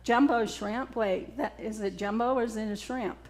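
A woman's voice: medium pitch, normal speed, darkish tone. A woman with a Southern US accent preaching a conversational sermon, joking with and quizzing her congregation.

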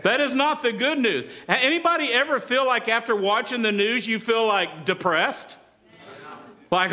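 A man's voice: extremely high pitch, normal speed. A middle-aged man preaching a sermon in a church, telling stories and asking the congregation for responses. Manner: lively storytelling, asks the congregation for responses. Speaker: pastor.

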